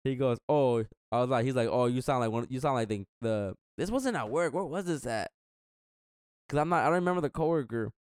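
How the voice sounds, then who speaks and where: A young man rambles through a story in a casual chat, slipping in slang and acting out each back-and-forth. His voice sounds smooth and clear at a middle pitch. The sound is close and dry. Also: fairly quick, a little mellow, no echo. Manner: rambling, slangy, acts out quotes.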